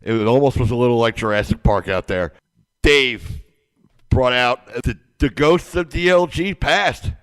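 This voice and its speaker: A man's voice: mid-range voice, unhurried, clear, resonant tone. A man hosting a wrestling podcast, hyped up, playful and sarcastic as he chats to his listeners. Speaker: podcast host. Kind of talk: casual wrestling podcast chat.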